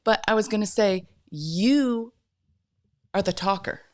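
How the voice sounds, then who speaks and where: A woman's voice: mid-range voice, a little slow. A woman, a pastor co-hosting a casual live podcast from her bedroom, talking hesitantly and restarting her sentences. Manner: hesitant, self-interrupting. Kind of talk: casual live-stream chat. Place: home bedroom.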